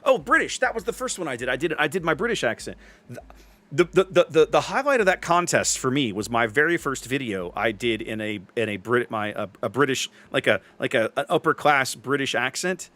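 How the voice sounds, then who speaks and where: A man's voice: mid-range voice, animated, brisk, a bit bright. A man streaming a game, chatting casually with his viewers in a rambling, self-interrupting way. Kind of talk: casual gameplay commentary with chat.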